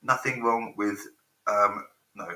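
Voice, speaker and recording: A man's voice: on the low side, fairly even intonation, slow pace, pushed and bright. A man in his forties hosting a rambling live stream, swearing freely and getting sidetracked by technical trouble. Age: 40s. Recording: roomy echo.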